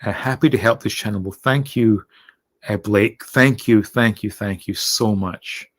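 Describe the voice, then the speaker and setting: This livestream host is from Scotland, though time in North America has softened his accent. Late at night, in a lowish voice, he works through viewer comments haltingly and ramblingly, restarting often, saying "uh" a lot, and thanking the people watching.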